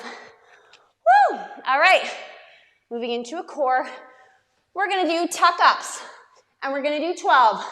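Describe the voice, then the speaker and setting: A young woman coaching a bodyweight workout with a bright, high voice. She cheers people on and counts reps out loud, her voice ringing with a long reverb around the room. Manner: upbeat, encouraging, counting reps aloud. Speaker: fitness coach. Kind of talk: workout instruction.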